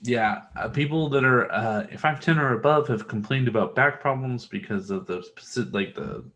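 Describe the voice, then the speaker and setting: A man's voice: medium pitch, moderate pace, a bit bright, a little hiss or hum. A man co-hosting a podcast, telling long rambling stories in casual chat and swearing freely. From Texas. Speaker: podcast co-host.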